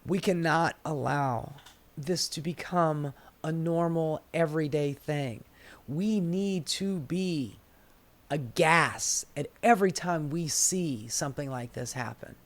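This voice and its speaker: A political commentator who rants in an unhurried drawl, sarcastic and heavy on profanity. The voice sits in a middling register, and the commentator keeps firing off exasperated rhetorical questions. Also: medium pitch.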